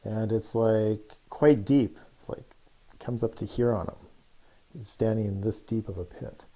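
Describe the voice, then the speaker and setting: A man's voice: on the low side, steady tone, a little slow, mellow. A man, a coach, telling a story in a loose, chatty way with many fillers. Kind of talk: casual storytelling.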